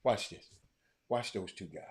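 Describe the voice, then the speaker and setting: A man hosting a livestream, stammering and repeating himself, muttering low one moment and shouting the next. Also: a little slow, husky. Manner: repetitive, stammering, talks straight to viewers; swings from quiet muttering to loud shouting. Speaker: livestream host. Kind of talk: casual livestream chat.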